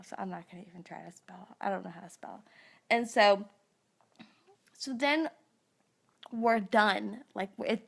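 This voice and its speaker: Woman in her thirties, slow rambling storyteller. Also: fairly high pitch, vocal fry. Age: 30s. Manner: rambling, animated, groggy after surgery. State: mouth sore after dental surgery. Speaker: vlogger. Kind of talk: casual storytelling. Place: live stream recorded on a phone.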